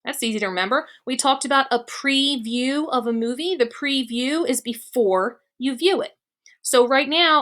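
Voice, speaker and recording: A woman's voice: high-pitched, moderate pace, a bit bright. A woman teacher giving a recorded online mini-lesson to young students, explaining step by step and checking in with frequent "okay"s. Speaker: elementary school teacher.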